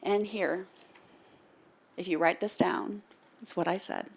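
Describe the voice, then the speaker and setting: On stage before a live audience, an American motivational speaker delivers a keynote in a low-ish, slightly rough voice with vocal fry, taking a slow pace. Animated, she tells a story, acts out the lines of its characters, and calls on the crowd to answer her.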